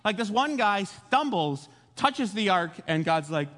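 A young man preaching a casual sermon, retelling a Bible story in an animated way and acting out the voices. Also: high voice, unhurried. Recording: long hall reverb.

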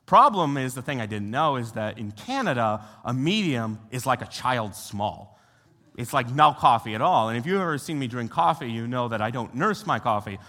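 A young man from the United States preaches as a youth pastor in a bright, slightly high voice whose pitch swings widely. His sermon is conversational, sprinkled with rhetorical questions for the room, and a long reverb from a large hall trails each word.

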